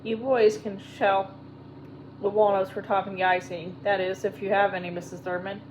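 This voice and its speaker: A woman doing a brisk young girl sleuth. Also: medium pitch, level tone, dull audio, a little hiss or hum, natural voice. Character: capable cheerful young female sleuth.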